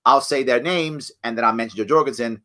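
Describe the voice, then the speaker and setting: A man's voice: medium pitch, fairly quick, pushed and bright. A man hosting a live talk show, speaking emphatically and answering viewer comments, often tagging points with "right?". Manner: emphatic, repeats "right?" and restarts.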